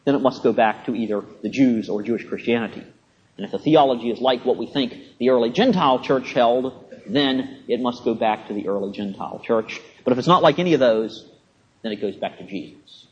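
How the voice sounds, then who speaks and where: A man giving a classroom lecture in a measured, halting way, with frequent pauses and a dry sense of humor. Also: mid-range voice, darkish tone, lo-fi sound.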